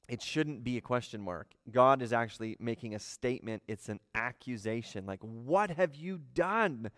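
A man's voice: mid-range voice, fairly bright tone, no echo, in a large hall. Man teaching a Bible lesson. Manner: explanatory, asks rhetorical questions. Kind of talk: livestreamed Bible study.

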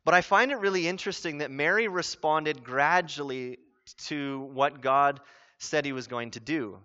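Pastor, man, bright, high voice, earnest, chatty sermon delivery, dull lo-fi recording. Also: moderate pace. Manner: conversational, earnest, animated. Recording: dull lo-fi sound.

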